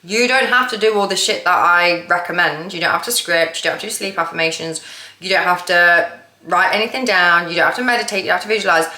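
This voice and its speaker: A woman's voice: fairly low pitch, fast, pushed and bright. A woman who coaches manifestation, chatting bluntly and casually with some swearing while she cooks dinner at home. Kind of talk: casual vlog talk while cooking. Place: home kitchen, cooking dinner. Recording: echoey kitchen with cooking clatter.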